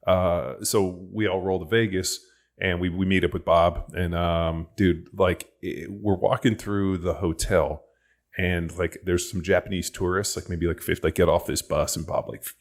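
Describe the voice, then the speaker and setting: Deep-voiced, excitable male podcast host. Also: normal speed. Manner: excitable, profane bro storytelling. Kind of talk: casual podcast chat. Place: podcast studio.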